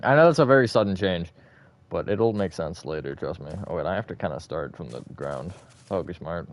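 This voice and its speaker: Low-pitched dude on a live stream, rambly, sounds kinda tired, goes from flat and let-down to suddenly hyped. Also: male voice, fairly quick. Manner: swings between flat, disappointed-sounding and bursts of high energy; rambling, thinks aloud with fillers and self-corrections. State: short on sleep. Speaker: livestreamer. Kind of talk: casual livestream chat while gaming.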